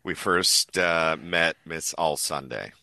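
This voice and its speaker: A man's voice: slow, creaky, no room sound. A man chatting casually on a podcast, reading comic pages aloud and slipping into silly voices for the characters. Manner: animated, puts on silly high voices for characters. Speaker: podcast guest.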